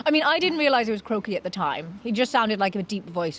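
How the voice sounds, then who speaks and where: A woman's voice: medium pitch, fast, slight background noise. A young British woman casually and teasingly telling how she met her partner. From United Kingdom. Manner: chatty, animated, teasing. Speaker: co-host of couple vlog. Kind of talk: casual storytelling.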